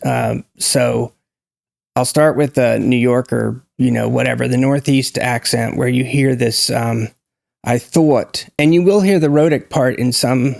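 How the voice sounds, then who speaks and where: A man's voice: medium pitch, gravelly, a little mellow, no echo, clean studio sound. A man, talking to camera about pronunciation in an opinionated, emphatic way and demonstrating sounds. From United States. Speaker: YouTube language commentator. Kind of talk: casual to-camera talk on pronunciation.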